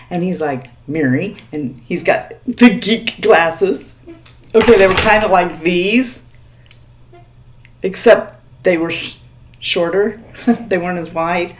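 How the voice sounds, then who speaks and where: A woman tells a story to the camera in a loose, chatty vlog style. She laughs often and keeps checking in with the listener. Her voice sits a little low for a woman. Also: a little hiss or hum. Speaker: vlogger. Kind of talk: casual storytime chat.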